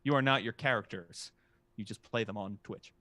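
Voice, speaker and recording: A man narrating a tabletop game as game master, halting and full of filler sounds. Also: fairly low pitch, bright, forceful tone, no room sound.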